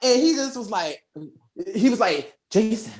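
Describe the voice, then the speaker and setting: A young adult woman co-hosting a podcast, casually retelling a movie plot in slangy, animated storytelling. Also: on the high side, unhurried. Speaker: podcast co-host. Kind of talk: casual movie recap chat.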